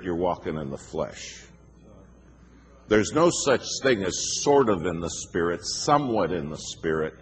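A middle-aged man preaching a sermon, emphatic and storytelling. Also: fairly low pitch. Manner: emphatic, storytelling with acted quotes. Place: church sanctuary. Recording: reverberant hall with faint noise.

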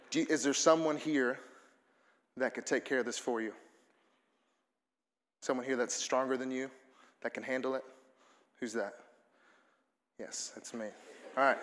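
A man's voice: medium pitch, long reverb tail. A man preaching a sermon to his congregation, earnest and building to fervent emphasis. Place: church auditorium.

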